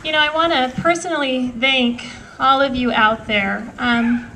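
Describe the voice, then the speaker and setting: High-voiced woman giving an emotional speech. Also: fairly even intonation, measured pace, crowd noise, noisy background. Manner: earnest, emotional, rallying. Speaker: rally speaker.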